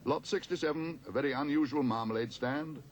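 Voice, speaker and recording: A man voicing a brisk male auctioneer in a storybook reading, calling out bids in a loud sing-song. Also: medium pitch, close to an everyday voice.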